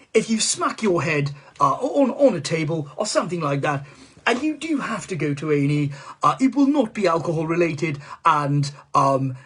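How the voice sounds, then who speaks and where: A man's voice: high-pitched, a bit bright, husky, exaggerated voice. A male comedian doing a comic impression of a rambling, foul-mouthed male politician in a live-stream monologue, stammering and swearing as he goes.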